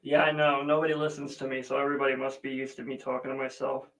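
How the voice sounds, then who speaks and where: A man's voice: mid-range voice, little pitch movement, fast, fairly bright tone, poor audio. A man hosting a casual livestream who rambles through a family story and greets viewers by name. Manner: rambling, chatty storytelling with many fillers. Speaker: livestream host. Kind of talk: casual live chat.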